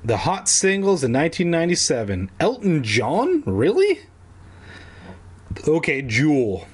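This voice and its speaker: A man's voice: fairly high pitch, wildly swooping pitch, a little slow, breathy edge. A man from San Diego casually reading a kids' book aloud, with jokey asides and offhand swearing. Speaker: reader.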